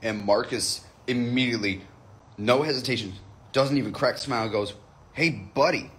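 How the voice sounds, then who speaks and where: A man's voice: medium pitch, fairly quick, fairly bright tone. A man telling a comic anecdote in a casual, profane way, jumping into quoted voices. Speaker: comedian telling a story.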